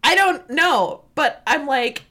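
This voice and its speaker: A woman co-hosting a casual chat, talking in an emphatic, animated, ranting way. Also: high voice, takes it slowly.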